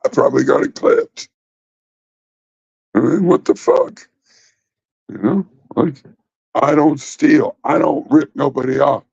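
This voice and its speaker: A man's voice: fairly high pitch, slow pace, vocal fry, pauses often, a little mellow, slightly rough, dry recording. A man hosting a casual livestream, rambling and swearing as he talks back to his chat. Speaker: livestream host. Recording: dull, lo-fi dry sound.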